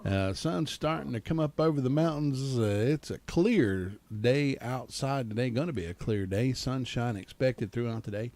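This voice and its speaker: A middle-aged man hosting a small-town morning radio show, folksy and full of jokes. His pitch swings around a lot as he chats, with a faint hum of ambience behind him. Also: animated, normal speed, a little mellow. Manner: folksy, joking, chatty. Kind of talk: casual radio chat. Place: radio studio.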